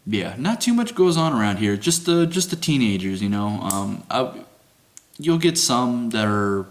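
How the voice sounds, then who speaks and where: A man working as a security guard, telling casual, profane work stories outdoors at dusk and laughing now and then. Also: lowish voice. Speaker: security guard at a residential lake. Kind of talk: casual vlog rant.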